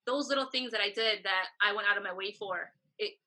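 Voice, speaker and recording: A woman's voice: mid-range voice, brisk, low-quality recording. A woman in her thirties, a photographer guest telling stories in a casual interview and acting out the exchanges she quotes. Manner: animated storyteller, acts out quoted exchanges.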